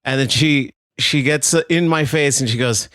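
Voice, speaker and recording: A man's voice: mid-range voice, moderate pace, fairly bright tone, no echo, studio quality. A man co-hosting a podcast, telling a story in casual chat with frequent stammering restarts. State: tired. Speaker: podcast co-host.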